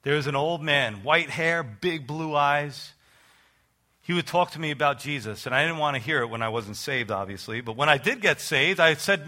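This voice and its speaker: A middle-aged man preaches, mixing scripture with his own story in an earnest, conversational way. His voice is very bright and sits a little high for a man. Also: moderate pace. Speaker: pastor. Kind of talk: sermon with personal testimony.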